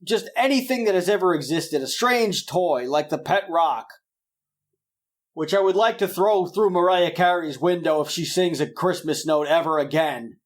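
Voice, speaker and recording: A man's voice: a little high, moderate pace. A young man hosting a podcast in a rambling, jokey, self-deprecating way. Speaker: podcast host. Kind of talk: casual podcast chat.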